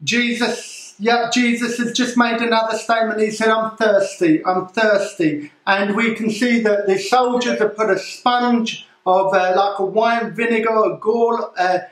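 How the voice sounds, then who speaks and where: A man, a pastor, preaching a sermon in the form of a solemn live news report, with halting restarts. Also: sits high, little pitch movement, a bit bright, roomy sound, poor audio.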